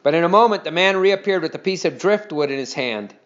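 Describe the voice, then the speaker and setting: Male narrator reading a children's story, fairly high voice, dull lo-fi recording. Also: fairly quick. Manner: steady expressive storytelling.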